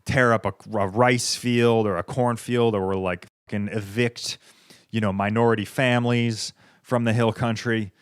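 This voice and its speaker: A man's voice: fairly low pitch, steady tone, normal speed, smooth, no room sound, clean studio sound. A young man hosting a casual solo podcast, rambling through profane, sarcastic tangents. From United States. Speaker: podcast host.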